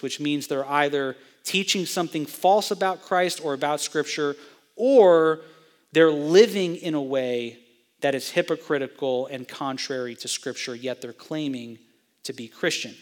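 Young man preaching in a reverberant hall. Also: a little high. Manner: teacherly, asks the audience questions. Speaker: pastor of a student ministry. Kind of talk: expository sermon.

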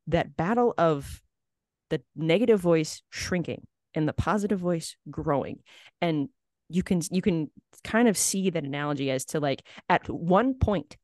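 Animated podcast host, dry sound. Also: mid-range voice, no room sound. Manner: animated storyteller, builds analogies. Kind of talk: casual conversation.

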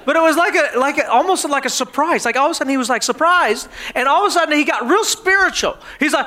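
Male pastor preaching; animated storyteller with a very high, bright voice. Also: fast, few pauses. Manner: animated storytelling, often laughing. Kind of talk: sermon.

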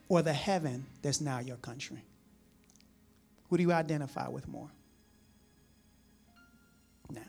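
Pastor guy from jersey/ny area, preaching easygoing, lots of "you know"s and little laughs, soft music under it. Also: fairly high pitch, vocal fry. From New Jersey or New York area. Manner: folksy and chatty, many asides and chuckles. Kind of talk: conversational sermon.

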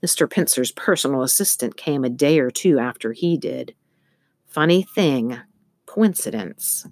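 A woman's voice: extremely low pitch, expressive, measured pace, darkish tone, no echo, heavily acted. A woman voicing a nervous, evasive middle-aged man who works among old books. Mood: uneasy.

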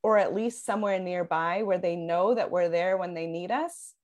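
Earnest woman explaining parenting calmly. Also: on the low side, normal speed, muffled recording. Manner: earnest, explanatory, with frequent fillers and restarts. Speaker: parenting coach. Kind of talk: casual podcast conversation.

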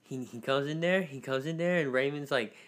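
A man's voice: medium pitch, fairly quick, a bit bright. Young man telling a crude story. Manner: profane, laughing, acts out family members' lines. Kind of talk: casual storytelling with friends.

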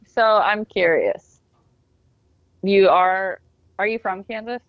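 A woman hosting a podcast, chatting in a relaxed, hesitant way with lots of fillers. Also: medium pitch, slow, no room sound. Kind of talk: casual podcast chat. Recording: dull dry lo-fi sound.

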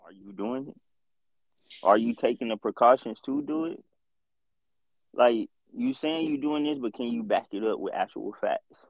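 A man's voice: medium pitch, moderate pace, creaky, pauses often, dry recording. A man in casual chat, laid-back and agreeable, telling a story. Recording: dull, dry recording.

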